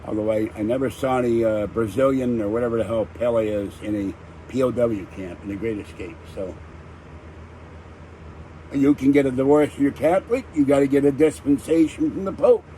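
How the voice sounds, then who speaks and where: A man's voice: medium pitch, a little fast, mellow, slight background noise, poor audio. An older man hosting a livestream, ranting irritably in a rambling casual chat. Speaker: livestream host.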